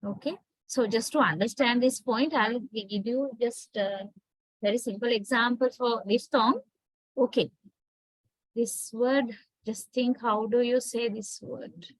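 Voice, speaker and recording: A woman lecturer with a Sri Lankan English accent, speaking in a fairly high voice over a video call. She explains patiently, stopping to check with her class. The sound is dry and close. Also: steady tone, unhurried, dry recording, rough recording. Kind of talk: online class teaching.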